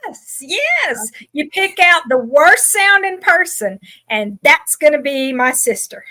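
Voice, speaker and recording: A woman's voice: high-pitched, sing-song, takes it slowly, pushed and bright. A woman in her forties from Georgia with a mild Southern accent, telling her life story as a guest in a chatty, self-deprecating way. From Georgia, USA. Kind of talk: casual podcast storytelling.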